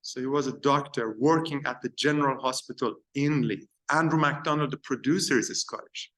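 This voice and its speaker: Halting male lecturer talking through a film. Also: medium pitch, a bit bright. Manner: halting, searching for words between points. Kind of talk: informal university film lecture.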